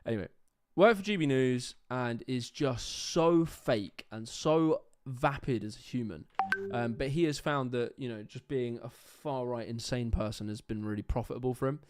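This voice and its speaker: A young man hosting a livestream, his voice sitting at an ordinary middle pitch. He rants in a loose, sarcastic, exasperated way and swears freely. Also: moderate pace, smooth. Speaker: livestream host reacting to clips. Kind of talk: casual ranting commentary.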